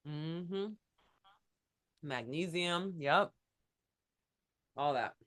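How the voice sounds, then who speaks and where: An herbalist co-host talking casually with a playful, enthusiastic manner. The voice sits at a middle pitch and laughs come readily. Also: extremely slow, a bit bright. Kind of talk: casual chat.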